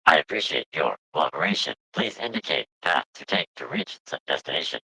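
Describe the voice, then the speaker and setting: A stiff robot companion. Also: male voice, extremely low pitch, big pitch swings, a little fast, vocal fry, bright, forceful tone, husky, dry recording, heavily acted, poor audio. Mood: formal. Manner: clipped, formal machine phrasing. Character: formal robotic male companion, stiff and polite. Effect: robot voice modulator. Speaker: player. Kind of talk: voicing a character in a tabletop game.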